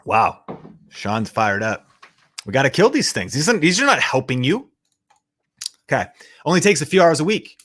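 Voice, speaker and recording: A man's voice: fairly high pitch, sing-song, moderate pace, pauses often, a bit bright. A man hosting a motivational live show, talking in a punchy, fired-up, slangy way. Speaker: show host. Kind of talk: motivational livestream talk.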